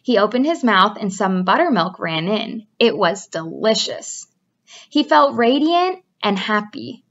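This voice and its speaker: A woman teacher reading a children's book aloud to her class, expressive and adding chatty asides. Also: mid-range voice, a little slow. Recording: dull lo-fi recording.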